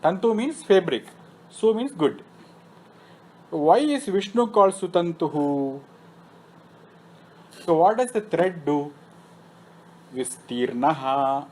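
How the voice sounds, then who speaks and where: Guy with a slightly high voice giving a scripture lecture, asks his own questions then answers, drops in sanskrit words. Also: animated, takes it slowly, pauses often, dark tone, rough recording. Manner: recites Sanskrit terms between explanations. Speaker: lecturer on Vedic philosophy. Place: temple meeting room.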